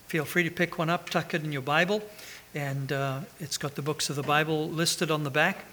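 A man's voice: a little high, pushed and bright, slight background noise. A man preaching a sermon, chatty and pastoral, with self-deprecating asides and a habit of tagging 'right?'. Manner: pastoral, announcement-style.

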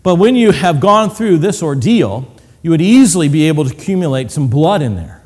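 Guy preaching in a big echoey hall, voice a bit high, gets really into it. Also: lively intonation, brisk, darkish tone, husky. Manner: vivid, acts out cries and whispers, medical detail. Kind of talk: sermon with slides. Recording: long hall reverb.

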